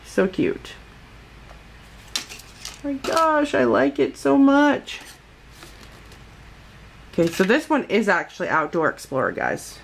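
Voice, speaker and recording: A woman's voice: lowish voice, gravelly, slight background noise. A woman vlogger from the United States chatting casually through a toy unboxing, gushing and calling her viewers guys.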